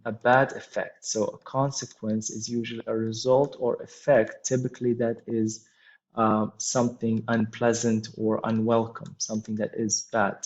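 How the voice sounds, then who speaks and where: A man's voice: mid-range voice, a little mellow, muffled recording. A man teaching English, explaining words and phrases patiently and repeating them, with frequent fillers. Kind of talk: slow explanatory lesson.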